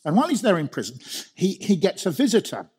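A man's voice: sits high, wildly swooping pitch, fast talker, a little mellow, husky. A middle-aged man from Birmingham with a Birmingham accent, preaching a sermon in a chatty storytelling way, often restarting his phrases. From Birmingham, England. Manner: conversational, self-deprecating storytelling with frequent restarts.

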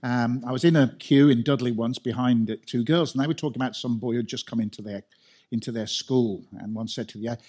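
A middle-aged man with a Birmingham accent delivers a sermon in a church hall. His voice is slightly husky, and he tells stories in a relaxed, conversational way, stumbling and restarting as he goes. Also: medium pitch, fairly quick. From Birmingham, England. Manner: conversational, self-deprecating storytelling with frequent restarts. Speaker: preacher.

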